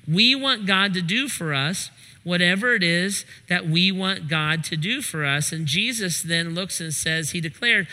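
A man preaching a sermon as pastor, animated and emphatic, often acting out the voices of his listeners. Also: high-pitched, measured pace, in a large hall.

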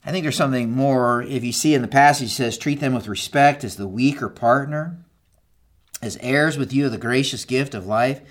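Speaking at medium pitch, a middle-aged male pastor addresses the men of his congregation head-on during a sermon. His delivery shifts between forceful exhortation and quiet asides.

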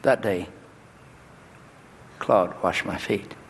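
A male pastor delivering a sermon in a church, his voice jumping high and loud on key words. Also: drawn-out words, vocal fry, a little hiss or hum. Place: church sanctuary. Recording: long hall reverb, faint ambience.

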